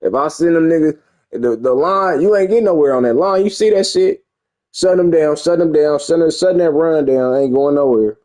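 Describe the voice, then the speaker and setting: With a mellow, slightly high voice at normal speed, a young gamer streamer chats over his football video game. He's casual and foul-mouthed, rambling on and bragging as he plays.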